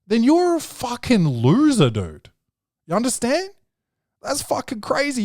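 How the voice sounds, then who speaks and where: A young man hosting a podcast, telling stories in a profane, slangy, animated way. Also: a little high, dry recording, clean studio sound. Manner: swearing, slangy, animated storytelling. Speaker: podcast host. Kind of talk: casual profane monologue.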